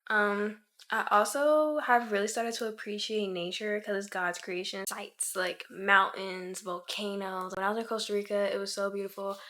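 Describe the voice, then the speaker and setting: A woman's voice: medium pitch, fairly even intonation, moderate pace, bright, forceful tone. A twenty-year-old woman from Maryland, chatting through a casual question-and-answer vlog and filling her talk with lots of "like". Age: 20 years old. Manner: chatty, with many filler "like"s. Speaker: YouTuber.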